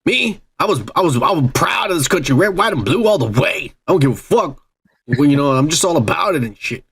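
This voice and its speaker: A man's voice: fairly high pitch, lively intonation, brisk, fairly bright tone, slightly rough. A man co-hosting a podcast in profane, rambling casual chat, drinking as he talks and repeating "yeah, yeah" over and over. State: drinking on air. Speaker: podcast co-host.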